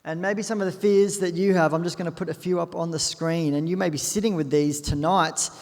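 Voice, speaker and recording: Young Australian male pastor, chatty storyteller, raised pitch, big-hall echo. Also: fairly even intonation, brisk, a little mellow. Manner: chatty storytelling with self-deprecating asides. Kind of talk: sermon. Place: church auditorium. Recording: long hall reverb.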